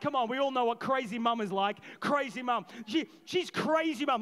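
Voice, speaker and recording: High-voiced animated pastor preaching. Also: male voice, fairly quick, hardly any pauses. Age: middle-aged. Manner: animated, shouting peaks and acted voices. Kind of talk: sermon. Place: church auditorium. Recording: long hall reverb.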